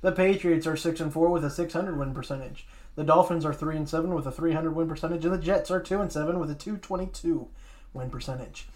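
A man co-hosting a casual sports talk show, reading through league standings with quick asides. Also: fairly high pitch. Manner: reads standings in a steady list, adds quick asides. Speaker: sports podcast co-host.

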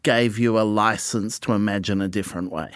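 A man hosting a podcast, asking calm, measured questions and reading show links. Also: fairly low pitch, dry recording, clean studio sound. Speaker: podcast host.

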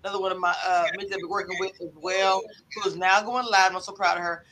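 A man hosting a live online panel, warmly and energetically introducing each guest in turn. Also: high voice, steady tone, fast, a crowd in the background. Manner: hyped, affectionate, introduces guests. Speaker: host.

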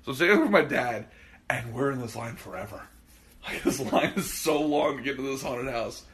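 A man's voice: medium pitch, animated, normal speed, a bit bright. A man telling stories in casual, profane chat, acting out the voices of the people in them.

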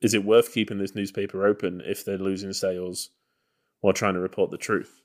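A man's voice: low voice, little pitch movement, fairly quick, a little mellow. A man co-hosting a podcast, chatting loosely about an old film with lots of fillers. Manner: loose and conversational, many fillers and hedges. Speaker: podcast co-host. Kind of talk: casual film-review chat.

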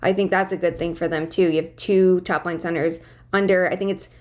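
An eager woman gives quick hockey analysis with frequent "like" fillers. She joins the show over a video call. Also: on the low side, fairly even intonation. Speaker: co-host analyst. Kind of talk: casual sports chat.

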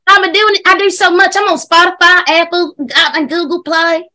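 A woman co-hosting a casual podcast chat, animated and breaking into put-on voices. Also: very high voice, a little fast. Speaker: podcast co-host.

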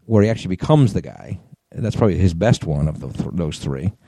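A man's voice: low-pitched, expressive, quick pace, vocal fry, dark tone, husky, dry recording, clean studio sound. A man co-hosting a podcast, chatting casually about movies in a loose, rambling way and laughing easily. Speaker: podcast co-host. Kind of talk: casual chat.

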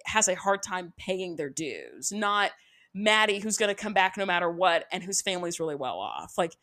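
A woman's voice: fairly low pitch, big pitch swings, moderate pace, bright, forceful tone. A young woman hosting a podcast, recapping an episode in casual, chatty talk with sarcastic asides and lots of "like". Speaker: podcast host.

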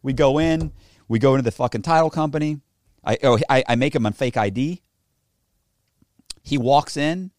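A man's voice: medium pitch, normal speed, long pauses, no echo, studio quality. A man telling a story in an interview, swearing freely and acting out the people in it. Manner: profane, animated, acts out the people in his story. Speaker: interview guest. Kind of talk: casual storytelling.

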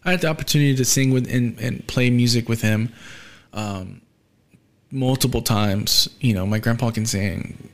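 A young man hosting a podcast, talking casually and quietly, with many fillers and pauses, subdued by grief. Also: medium pitch. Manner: soft, halting, with frequent fillers and trailing off. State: grieving, subdued. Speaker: podcast host. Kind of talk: casual solo podcast talk.

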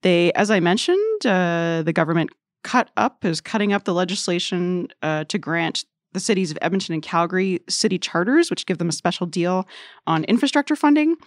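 A woman's voice: on the low side, expressive, no room sound, clean studio sound. Chatty woman hosting a news podcast. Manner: chatty, quick asides and laughs. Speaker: podcast host. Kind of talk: casual news podcast chat. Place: studio room with other guests.

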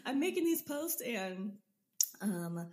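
A young woman in her twenties, a podcast guest and business coach, telling her own story in a lively way and laughing often. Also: on the high side, slow pace. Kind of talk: casual storytelling interview.

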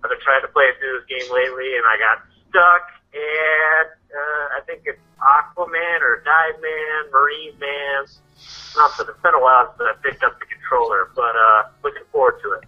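A man's voice: medium pitch, fairly even intonation, normal speed, faint music behind. A man from Minnesota with a Minnesota accent, leaving a chatty, rambling voicemail for a podcast. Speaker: caller. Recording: dull phone-line voicemail.

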